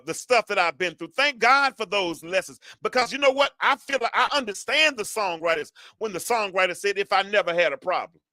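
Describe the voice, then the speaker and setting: A man preaching to his listeners, swinging from quiet reflection to loud, drawn-out exhortation. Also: high-pitched, no echo. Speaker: preacher and show host.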